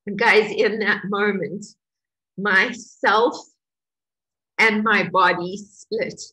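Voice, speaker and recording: A middle-aged woman who teaches a healing course, telling a personal story in an emotional, animated way with laughter. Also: medium pitch, extremely slow, pauses often, slightly rough, rough recording.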